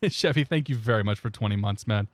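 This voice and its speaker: A man's voice: medium pitch, very animated, normal speed. A young man streaming a flight sim, rambling casually and greeting his chat by name into a desk microphone. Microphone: new desk microphone.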